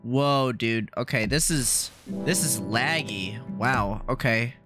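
A man's voice: mid-range voice, slow, music in the background. A man casually commentating as he plays a computer game, rambling and hesitant. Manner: rambling, hesitant, full of ums and excited asides. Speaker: streamer.

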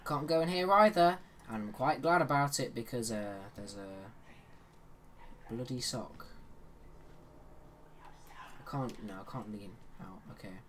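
A man's voice: mid-range voice, takes it slowly, pauses often, a bit bright, slight background noise. Joking man doing gameplay commentary. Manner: chatty, joking asides while playing. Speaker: let's play host.

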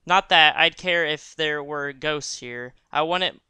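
Bright-voiced young man gaming. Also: fairly high pitch, takes it slowly, clear, resonant tone, no echo. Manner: joking, thinking aloud, reads game text. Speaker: let's play gamer. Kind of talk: casual gameplay commentary.

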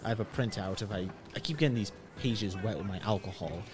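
A man's voice: on the low side, fast talker. A man narrating as game master of a tabletop role-playing game, in a loose, joking way with filler words.

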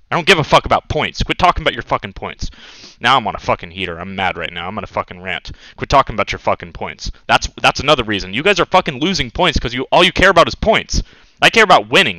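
Fast, fired-up ranting gamer guy. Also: medium pitch, pushed and bright, no room sound, low-quality recording. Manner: heated, profane, insistent. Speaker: competitive gaming content creator. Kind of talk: angry ranting monologue.

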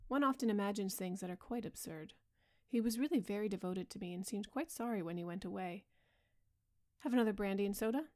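A woman voicing a petulant, languid young gentleman in a soft bedtime audiobook reading. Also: medium pitch, fairly quick, natural voice. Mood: airy.

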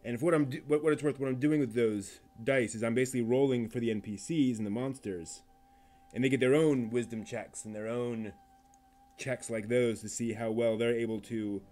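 A man narrating a tabletop game during a live stream while he paints miniatures, rambling with many pauses and restarts. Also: mid-range voice, darkish tone.

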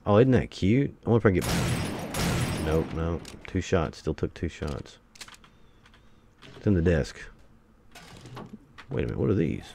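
Low gravelly gamer with wild outbursts. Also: male voice, normal speed, pauses often, background noise. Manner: excitable, talks to the enemies, sudden outbursts. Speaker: gameplay streamer. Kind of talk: let's play commentary.

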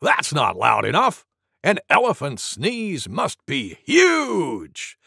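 A storyteller voicing a gruff wild boar who grunts, in an animated storybook. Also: mid-range voice, slow pace, no echo, studio quality, exaggerated voice.

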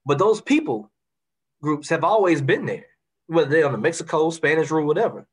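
A man's voice: fairly high pitch, expressive, brisk, breathy edge. A man from Baton Rouge with a Louisiana accent, talking passionately in a casual conversation and repeating words as he builds his points. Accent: Southern US, Louisiana. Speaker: guest.

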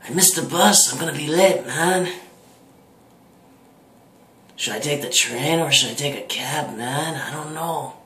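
A man's voice: on the high side, unhurried, long pauses, bright, forceful tone. A man doing an impression of a laid-back stoner man who drawls and tacks "man" onto almost every phrase, in an echoey room. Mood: mumbling.

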